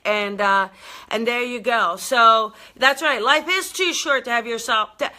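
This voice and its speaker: A woman hosting a live motivational talk, bubbly and animated, laughing often and answering viewer comments as she goes. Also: fairly high pitch, a little slow. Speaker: intuitive coach and live show host. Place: live video stream.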